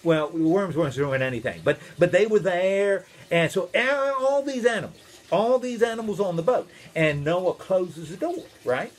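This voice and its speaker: Man, minister, children's storyteller, high lively voice, playful, asks questions. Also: normal speed, few pauses. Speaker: minister telling children's stories.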